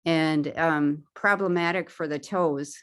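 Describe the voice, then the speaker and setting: Low-voiced woman giving a casual slideshow talk. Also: fairly even intonation, slow pace. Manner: chatty, with frequent fillers and restarts while pointing at pictures. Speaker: guest speaker at a paddling club.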